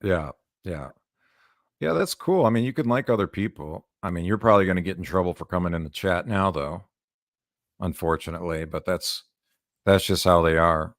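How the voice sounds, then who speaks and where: A man's voice: sits low, moderate pace, no room sound, clean studio sound. A man hosting a casual livestream, loose and laughing, swearing freely. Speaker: streamer host.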